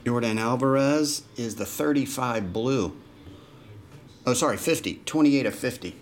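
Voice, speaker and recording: A man's voice: medium pitch, unhurried, a little hiss or hum. A man hosting a live card break in a casual way, calling out player names as he opens packs. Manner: rattles off player names while opening packs.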